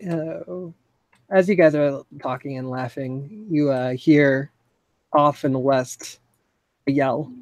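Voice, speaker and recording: A man narrating a tabletop role-playing game as dungeon master, halting with many fillers. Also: mid-range voice, steady tone, no echo.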